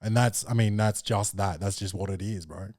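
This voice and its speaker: A man's voice: on the low side, normal speed, a little mellow, dry recording, studio quality. A young man, a podcast host and comedian, chatting casually in a loose, slangy, jokey way.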